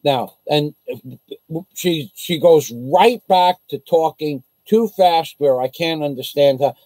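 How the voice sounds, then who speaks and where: A man's voice: fairly high pitch, takes it slowly, warm tone, dry recording, poor audio. An American man vlogging from the Philippines, telling an indignant, rambling story on a casual livestream. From United States.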